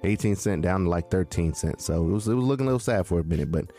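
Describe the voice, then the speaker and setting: A man co-hosting a crypto chat, preachy and animated. His pitch swings widely as he acts out other people's panicked questions. Faint music plays underneath. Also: fast. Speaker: crypto podcast co-host. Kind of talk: casual chat.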